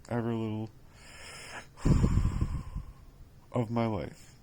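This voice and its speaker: Heavy background noise surrounds a male vlogger speaking in a monotone on the low side. His personal monologue rambles, bitter and sarcastic, full of swearing and halting repetition, and he sounds exhausted and worn down.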